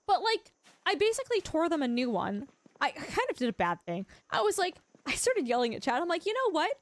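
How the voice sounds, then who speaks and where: A woman's voice: high voice, sing-song, a little fast. A woman streamer chatting casually while gaming, telling rambling stories and laughing often. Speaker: Twitch streamer.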